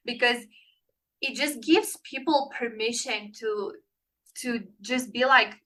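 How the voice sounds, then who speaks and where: Bright-voiced earnest woman. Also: fairly high pitch, a little slow, poor audio. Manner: earnest, encouraging, speaks softly when quoting comforting words. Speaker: guest. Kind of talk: casual conversation.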